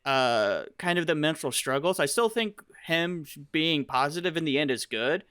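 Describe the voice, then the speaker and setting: A man's voice: on the high side, animated, moderate pace, bright, forceful tone, smooth, no echo, studio quality. A man on a casual podcast who often affirms the other speaker and restarts his sentences while thinking. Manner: affirming listener, hesitant restarts when explaining.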